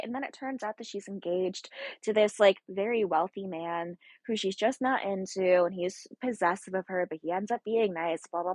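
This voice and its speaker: A woman's voice: mid-range voice, breathy edge, no room sound. A young woman chatting casually about a TV show, rambling with lots of fillers and asides, sometimes dropping to a whisper. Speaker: video essayist. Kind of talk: casual chat.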